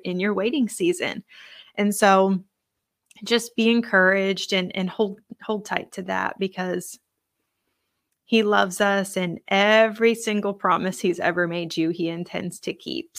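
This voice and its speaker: Woman, podcast host, personal testimony, earnest, emotional, halting restarts. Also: medium pitch, a bit bright, no echo, clean studio sound. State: overwhelmed with emotion.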